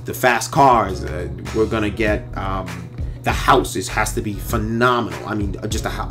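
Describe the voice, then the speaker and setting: A filmmaker chatting casually on a livestream, rambling and joking and reading viewer comments aloud, with many pauses and fillers. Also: male voice, medium pitch. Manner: rambling, joking, teasing, lots of ums.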